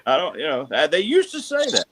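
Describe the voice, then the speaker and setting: A man's voice: on the high side, huge pitch swings, fairly quick, noisy background. A man co-hosting a casual sports talk show, rambling and hesitant with lots of filler words. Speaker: co-host.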